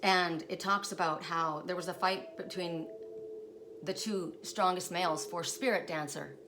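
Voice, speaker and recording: A woman with a slightly low voice shares spiritual stories in a casual, rambling vlog. She talks with open emotion and keeps checking in with the listener by tacking "right?" onto her sentences. A faint hum sits behind her. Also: steady tone, measured pace. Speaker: spiritual guidance storyteller.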